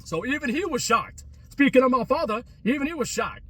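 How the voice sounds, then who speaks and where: A man's voice: extremely high pitch, lively intonation, fairly quick, pushed and bright, slightly rough, distant mic. A man, vlogging outdoors at a closed restaurant in a rambling, slang-heavy way with many restarts. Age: 30s. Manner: repetitive, full of restarts and street slang. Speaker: travel vlogger. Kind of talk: rambling casual chat.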